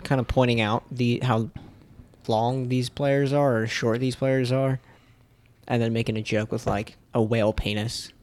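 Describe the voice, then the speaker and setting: A man's voice: medium pitch, steady tone, measured pace, a little mellow. Podcast guy, mid voice, rambles and teases. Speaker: podcast co-host. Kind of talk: casual podcast banter.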